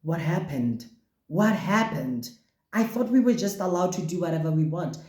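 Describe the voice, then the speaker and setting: Animated man with a mellow voice. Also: a little high, moderate pace, reverberant. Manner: animated and expressive, exclaims often. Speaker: podcast host. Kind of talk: casual podcast monologue.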